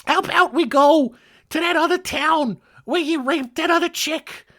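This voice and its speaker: A man mocking a woman with a high, sugary falsetto, playing an eager and fawning accomplice. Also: moderate pace, fairly bright tone.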